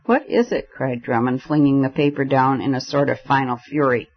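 A man's voice: medium pitch, little pitch movement, fairly quick, muffled recording, faint music behind. A man reading a story aloud as an audiobook narrator, giving the characters light voices in the dialogue. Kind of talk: scripted narration.

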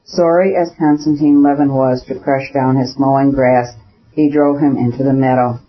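A man narrates an audiobook from a script, telling the story in a steady, measured way. His voice is medium-pitched, captured in a dull lo-fi recording.

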